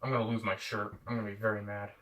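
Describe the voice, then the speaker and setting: A man vlogging casually, excitable and swearing, talking to himself and his dog. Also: fairly low pitch, very fast, a little hiss or hum. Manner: excitable, swears, yelps and shouts at misses. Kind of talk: casual self-talk while filming.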